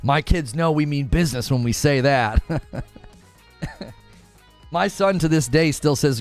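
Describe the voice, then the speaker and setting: A man in his thirties hosting a casual livestream, reading viewer messages and chatting with a playful, animated delivery. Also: a little slow, pauses often, soft background music. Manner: animated, laughs often, playfully mock-quotes people in a high voice. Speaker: livestream host.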